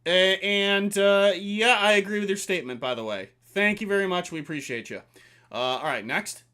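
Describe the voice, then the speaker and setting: A woman's voice: mid-range voice, normal speed, fairly bright tone. A woman co-hosting a livestream who reads donations and talks in a joking, easygoing way. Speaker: co-host reading donations. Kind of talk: livestream reaction chat.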